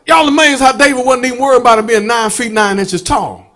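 A man's voice: very high-pitched, fairly even intonation, fast. A man preaching a fiery sermon as pastor, calling out to the congregation and chanting his lines. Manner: shouting, chanting, call-and-response with congregation. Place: church sanctuary.

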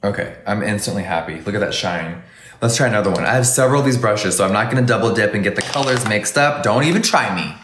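A man's voice: on the low side, fast, a bit bright, roomy sound, soft background music. A man doing a casual live makeup review, gushing and exclamatory and calling viewers baby and honey. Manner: gushing, exclamatory, campy endearments. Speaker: makeup livestreamer.

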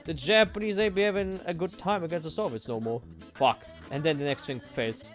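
Excitable young man playing a strategy game. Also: on the high side, fairly quick, soft background music. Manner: excitable, swearing, swings from mutters to shouts. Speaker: gaming streamer. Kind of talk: live strategy game commentary.

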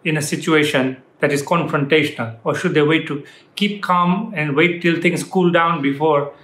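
A man's voice: on the high side, steady tone, normal speed, a bit bright. Echoey man hosting a question show. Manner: conversational, reads out questions. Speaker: host reading viewer questions. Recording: echoey room.

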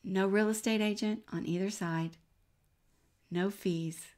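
A middle-aged woman giving an earnest personal faith testimony as a Christian speaker. She tells her story warmly and sometimes drops to a near-whisper. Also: mid-range voice, fairly even intonation, a little slow.

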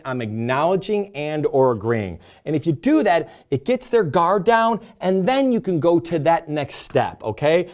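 Middle-aged male sales trainer, lively and animated, plays both the customer and the rep. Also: fairly high pitch. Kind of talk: energetic sales coaching talk to camera.

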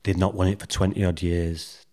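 A man's voice: low-pitched, level tone, normal speed, warm tone. Blunt, sweary man telling stories. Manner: blunt, swears freely, rambling anecdotes. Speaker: podcast guest. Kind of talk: casual storytelling interview.

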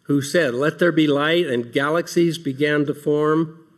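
A man's voice: on the high side, fairly even intonation, unhurried. A man giving opening remarks in an earnest devotional talk, asking rhetorical questions and reading scripture aloud. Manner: reads scripture passages aloud. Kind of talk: devotional talk to a large audience.

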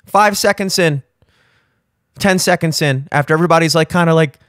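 A young man hosting a solo podcast, telling a rambling, animated story with voiced asides. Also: a little high, normal speed, pauses often, dry recording, clean studio sound. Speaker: podcast host. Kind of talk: solo casual chat. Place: home studio.

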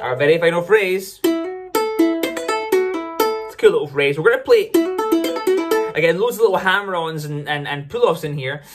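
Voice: mid-range voice, animated, normal speed, long pauses, loud music behind the voice. An ukulele teacher explaining licks in a casual, upbeat way, often correcting themselves mid-sentence. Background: ukulele playing between phrases.

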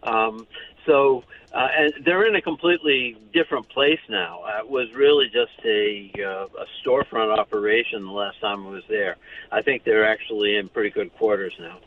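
An older man being interviewed about his life and writing, talking in a halting, wry way with many restarts. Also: on the low side. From United States. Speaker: author and pediatrician, guest. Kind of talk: casual interview talk. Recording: tinny phone line.

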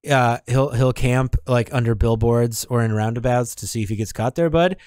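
A man's voice: medium pitch, normal speed, darkish tone, no room sound, clean studio sound. A man co-hosting a podcast in casual chat, laid-back and rambling, with lots of likes and swearing. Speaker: podcast co-host.

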